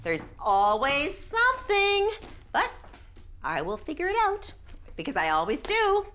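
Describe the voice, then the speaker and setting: A woman's voice: high voice, huge pitch swings, a little slow, bright, forceful tone, exaggerated voice. A fussy Rotary Queen. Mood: self-assured. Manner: fussy, self-assured, sarcastic. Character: self-important woman, the town's Rotary Queen. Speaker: Rotary fundraiser organizer.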